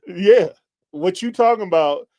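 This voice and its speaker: Man co-host, high voice, joking, slangy African American English, dry sound. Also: dark tone, dry recording. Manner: joking, laid-back, slangy. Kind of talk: casual podcast chat.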